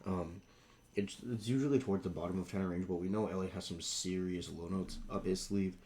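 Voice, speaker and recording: Low-voiced man explaining music. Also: brisk, a little mellow, a little hiss or hum. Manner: explains music terms, counts beats aloud, sings snippets. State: morning voice, rough on high notes. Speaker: composer reacting to music. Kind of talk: casual reaction and music analysis.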